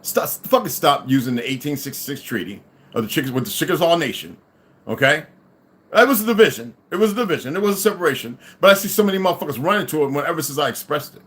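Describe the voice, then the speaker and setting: A man's voice: on the high side, animated, fast, fairly bright tone. A middle-aged man delivering an angry, profane ranting monologue to his audience, swearing and insulting as he goes. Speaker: livestream host.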